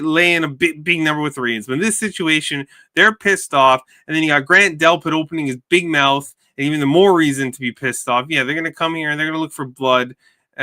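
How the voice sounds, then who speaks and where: A man's voice: a little high, bright, forceful tone. A man hosting a sports betting show, giving heated, rambling commentary with many restarts and repeated words.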